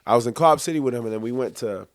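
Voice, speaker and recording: Animated man telling a story. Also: medium pitch, very fast, dry recording, studio quality. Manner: animated, acts out quotes, laughs often. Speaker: podcast co-host. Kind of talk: casual storytelling.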